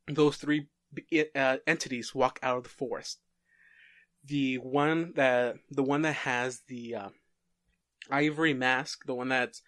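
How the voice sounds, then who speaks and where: A man talks through a story idea in a loose, casual way, often pausing and restarting his sentences. His pitch sits in a middle range. The recording is dry, with no room echo. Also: a bit bright. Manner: halting, many fillers and restarts.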